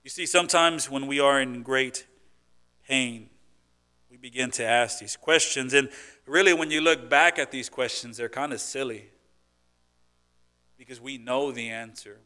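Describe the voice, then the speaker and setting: A man preaching a sermon as pastor, talking to the congregation conversationally with rhetorical questions, swinging between loud emphasis and quiet asides. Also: medium pitch, measured pace, long pauses, clear, resonant tone.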